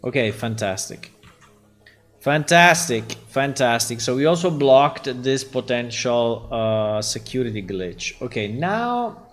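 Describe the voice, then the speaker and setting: A man's voice: medium pitch, very animated, takes it slowly, fairly bright tone. A man with an Italian accent, a game developer who thinks aloud while coding on a live stream and keeps checking in with "right?".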